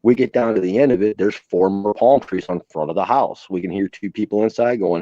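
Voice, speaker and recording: A low, deep-voiced man with a dark, mellow tone tells rough, plainspoken stories in casual chat. His recording sounds dry and a little muffled. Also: a little fast, few pauses, no room sound. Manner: plainspoken, swears freely, acts out quoted voices. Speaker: host, former emergency responder. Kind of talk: casual storytelling on a live stream.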